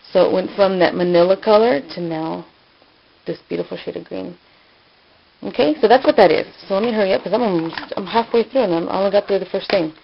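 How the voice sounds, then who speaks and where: A woman hosting a casual hands-on crafting tutorial, talking informally with many fillers and self-corrections. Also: fairly low pitch. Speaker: crafting channel host. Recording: dull lo-fi home video sound.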